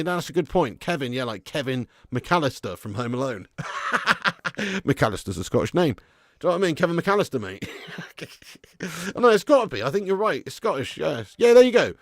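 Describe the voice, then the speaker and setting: Laddish streamer, dry close mic. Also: male voice, fairly high pitch, no echo. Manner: laddish banter, swears freely, calls viewers mate. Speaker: live stream host. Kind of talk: casual live-stream chat reading viewer comments. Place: home garage studio.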